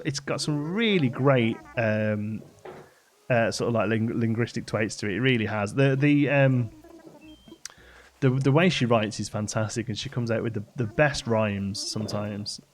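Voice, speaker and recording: A man's voice: medium pitch, normal speed. A young man chatting casually on a live stream, rambling and enthusiastic, with lots of fillers and restarts.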